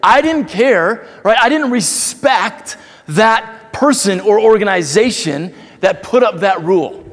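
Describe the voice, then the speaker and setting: A man's voice: high voice, animated, slow, a bit bright. A man in his thirties, a pastor giving a sermon, telling a story with jokes and asides to the congregation. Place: church sanctuary. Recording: long reverb of a church hall.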